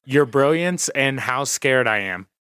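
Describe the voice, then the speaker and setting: This is a man in his thirties riffing on a casual podcast. His voice leaps around in pitch as he gets emphatic, and he laughs freely. The sound is dry and close, with no room around it. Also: unhurried, clean tone, dry recording. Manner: animated, laughs often, emphatic. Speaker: podcast co-host. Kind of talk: casual chat.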